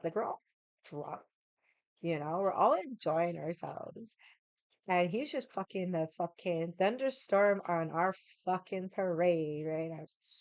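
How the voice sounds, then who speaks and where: Woman, casual vlog storytelling, heavy swearing, filler-heavy, animated, dry close sound. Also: lowish voice, a little slow, no echo. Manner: animated, heated retelling. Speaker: vlogger.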